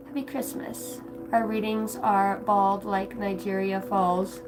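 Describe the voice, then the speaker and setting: A woman's voice: medium pitch, flat delivery, slow, music in the background, poor audio. A middle-aged woman hosting a tarot livestream, chatting casually, swearing often and jumping between chat comments. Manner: profane, scattered, reads chat aloud.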